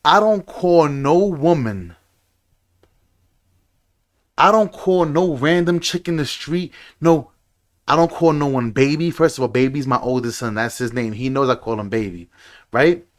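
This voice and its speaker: A fairly high-voiced man talking in a casual, animated way. He tells stories, says key phrases over and over for emphasis, and slips into imitations of other people when he quotes them. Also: measured pace. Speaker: podcast guest. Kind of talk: casual chat, storytelling.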